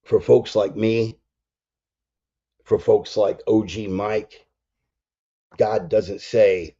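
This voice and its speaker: A man's voice: on the low side, little pitch movement, slow, long pauses, warm tone, breathy edge. A man hosting a casual spoken sermon, blunt and slangy, drawing out phrases for emphasis. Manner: emphatic, drawls some phrases. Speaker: preacher and show host. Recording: dull lo-fi sound.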